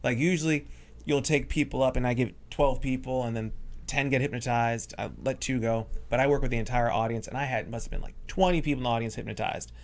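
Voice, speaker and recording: A man's voice: mid-range voice, fast talker. A man, a stage hypnotist and guest, telling funny stories in a casual chat and acting out the people in them. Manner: animated, acts out the people in his stories. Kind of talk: comedic storytelling in casual chat.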